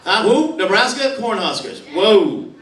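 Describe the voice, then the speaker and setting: A man's voice: sits high, sing-song, measured pace, recorded from a distance, background noise. Brash stand-up man in a roomy club. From Michigan. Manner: brash, crude, crowd work. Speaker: stand-up comedian. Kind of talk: stand-up comedy. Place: comedy club stage. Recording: roomy club recording, crowd laughter. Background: audience laughing.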